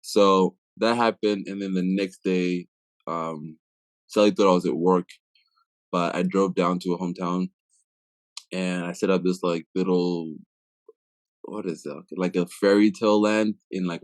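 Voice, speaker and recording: A young man from Africa tells a story as a podcast guest, with a low, deep voice. He acts out the lines of the people in it and drops "like" often. The recording is dry and close, with no room sound. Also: no echo. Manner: lively storyteller who acts out quoted dialogue, with frequent "like" fillers. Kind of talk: casual storytelling.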